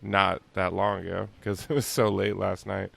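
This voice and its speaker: A man's voice: deep voice, normal speed, vocal fry, no echo. A man co-hosting a casual sports podcast, telling rambling stories with lots of fillers while on vacation and speaking from a hotel room. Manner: relaxed, rambling storytelling with frequent fillers. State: on vacation, upbeat. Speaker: podcast co-host.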